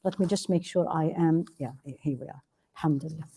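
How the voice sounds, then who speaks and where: Warm-voiced woman teaching a religious class. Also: sits low, fairly quick, breathy edge. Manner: earnest, asks rhetorical questions and answers them; repeats key phrases for emphasis. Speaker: Islamic teacher. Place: classroom with a live audience.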